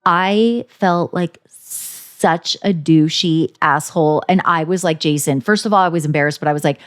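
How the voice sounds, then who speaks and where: Blunt, animated woman podcast co-host. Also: moderate pace. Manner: animated, acts out quotes with big pitch jumps; blunt, swears freely. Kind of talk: casual recap chat.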